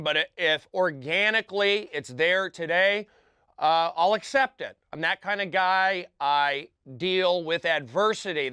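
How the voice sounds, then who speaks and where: A man hosting his own comedy show, talking in earnest, clipped bursts that drop off without warning. His voice sits high and sounds bright and clean. The recording is close and dry. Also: clear, resonant tone, dry recording. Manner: halting, earnest, clipped phrases with sudden drops in volume. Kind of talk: self-serious comedic monologue.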